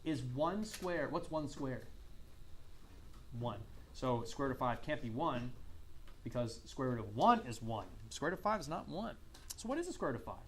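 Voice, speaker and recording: A man's voice: mid-range voice, big pitch swings, moderate pace, fairly bright tone, slight background noise. A man teaching a math lesson in a classroom, asking students questions and repeating their answers. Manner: coughs and clears throat now and then. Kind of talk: classroom lecture.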